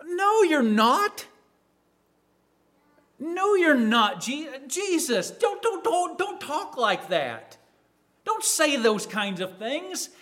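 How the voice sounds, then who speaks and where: A man's voice: extremely high pitch, big pitch swings, normal speed, fairly bright tone, heavily acted. A man preaching, putting on the voice of a loyal male disciple who pleads and stammers. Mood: pleading. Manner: stammering, insistent.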